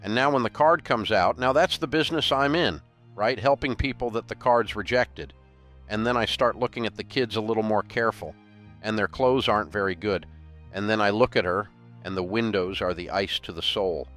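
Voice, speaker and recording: A man's voice: lowish voice, moderate pace, fairly bright tone, soft background music. A man, giving a joking, down-home sermon-style talk and quoting scripture. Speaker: guest speaker.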